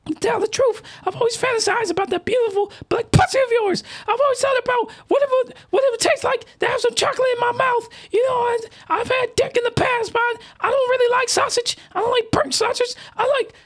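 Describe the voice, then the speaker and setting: A man putting on a high falsetto to voice a timid, apologetic young female bounty hunter who stammers as she talks. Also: steady tone, fairly quick, fairly bright tone.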